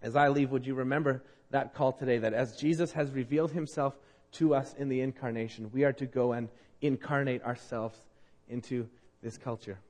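A man preaching a sermon, moving between loud emphatic declarations and quiet earnest appeals to the congregation. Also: mid-range voice, fairly even intonation, normal speed. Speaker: pastor.

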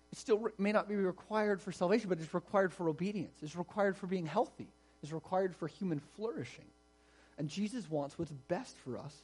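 A man's voice: a little high, a little mellow, husky. A man preaching a sermon in an explanatory, conversational way, stressing key words. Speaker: pastor.

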